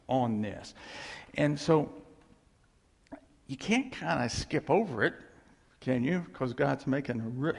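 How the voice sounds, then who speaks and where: A man preaching with a husky, gravelly voice whose pitch swings widely as he presses his points. He talks in a conversational way and keeps asking his listeners questions. His voice carries a long reverb from a large hall. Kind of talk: sermon.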